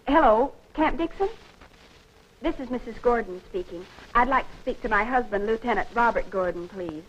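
An actress playing a sweet, eager young newlywed wife in a 1940s film, talking in a gushing, affectionate way. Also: female voice, fairly high pitch, lively intonation, moderate pace, natural voice. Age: young adult. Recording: dull old film soundtrack, faint hiss.

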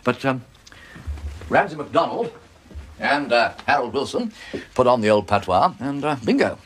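A man's voice: mid-range voice, big pitch swings, normal speed, a little hiss or hum, lightly acted. An actor playing a wily, flustered male Labour politician who hesitates and stammers, in sitcom style. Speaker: politician character. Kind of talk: sitcom acting.

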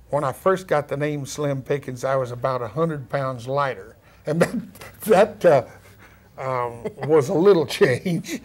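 A middle-aged man with a thick West Texas drawl, a former rodeo cowboy turned actor, chatting in an easygoing, folksy way in an interview, with frequent chuckles and down-home words. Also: medium pitch. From California. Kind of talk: relaxed interview chat.

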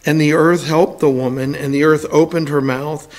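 A man serving as assistant pastor, preaching an evening sermon in a hoarse, raspy voice, reading scripture and adding folksy, self-deprecating asides with some throat clearing. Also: fairly high pitch, steady tone, moderate pace. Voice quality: raspy, scratchy. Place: church sanctuary.

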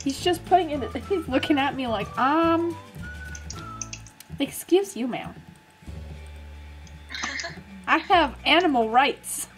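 A woman's voice: high voice, expressive, takes it slowly, long pauses, soft background music. A woman playing a video game and chatting casually, giggly, playful and self-mocking as she builds and talks to a friend. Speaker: gaming YouTuber and server moderator.

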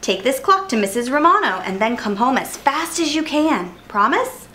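A woman's voice: high-pitched, sing-song, normal speed, bright, forceful tone, roomy sound, slight background noise, heavily acted. A woman doing a kindly old woodcarver. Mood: fond. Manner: fond, fatherly.

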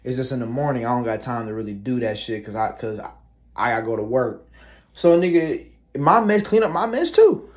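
A young male vlogger vents in a loose, rambling monologue, swearing freely and clearly fed up. His mid-range voice is animated and brisk.

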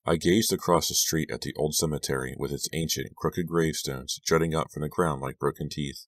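A man narrating a scary audiobook in a measured, hushed storytelling manner, lifting his voice for the dialogue. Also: very deep voice, fairly even intonation, no echo. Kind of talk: scripted narration.

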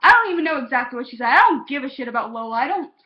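A woman's voice: high voice, very animated, rapid-fire. A young woman vlogging a heated, exasperated TV episode review, cursing when she gets passionate. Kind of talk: casual ranting review. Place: home, on a couch. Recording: dull lo-fi home recording.

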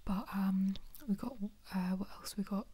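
A woman from Norfolk, England, speaking in a soft ASMR whisper, close to stereo microphones so the sound shifts from ear to ear. Her voice is dark and breathy, and she rambles along with lots of "like" and "um". She keeps trying on different British accents as she goes. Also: medium pitch, fairly even intonation, moderate pace. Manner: rambling, chatty, full of "like" and "um". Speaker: ASMR creator. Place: indoors at home.

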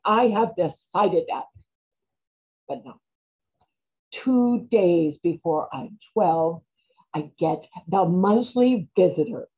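A woman performing a stage monologue about her girlhood. She sounds stubborn and indignant, and bursts into shouts. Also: mid-range voice, highs cut off.

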